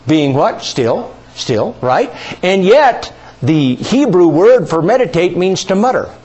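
A male pastor teaching a sermon, asking the congregation questions, repeating key words and stretching scripture quotes out slowly. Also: high-pitched, big pitch swings, a little mellow, a little hiss or hum.

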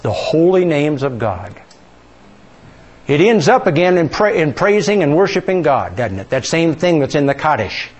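A man's voice: fairly high pitch, sing-song, moderate pace. A man preaching a sermon as pastor, asking the congregation questions and leading them in reciting lines.

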